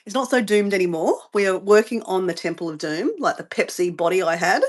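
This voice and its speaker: A middle-aged vlogger with an Australian accent livestreams her morning routine, chatting casually and rambling as viewer comments sidetrack her. She speaks a little fast with a medium pitch.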